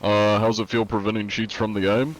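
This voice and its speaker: A man's voice: lowish voice, level tone, brisk. A man streaming a game live in a casual, laid-back way, reading chat aloud, answering it and using many "uh" fillers. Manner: frequent "uh" fillers.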